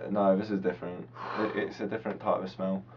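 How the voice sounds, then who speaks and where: A man's voice: low-pitched, flat delivery, fast talker. A man grumbles short, indignant interjections in a comic sketch. He sits away from the mic, so he sounds distant, dull and lo-fi, with faint hiss.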